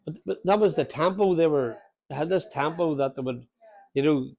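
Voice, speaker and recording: A man's voice: a little high, normal speed, gravelly, a little mellow. Hesitant Northern Irish man talking. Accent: Northern Irish, Lurgan. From Northern Ireland. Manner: hesitant, restarts often. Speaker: speaker at a talk. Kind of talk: casual talk discussing a recording.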